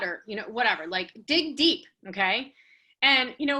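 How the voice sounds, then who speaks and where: A woman in her thirties leading a casual team training session for real estate agents, brisk and animated, acting out client dialogues as she goes. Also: medium pitch.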